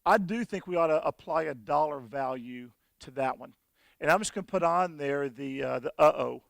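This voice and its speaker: A man presenting at a conference and demoing software, telling folksy stories with frequent restarts. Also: on the high side, moderate pace, creaky, dry recording. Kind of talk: conference talk with software demo.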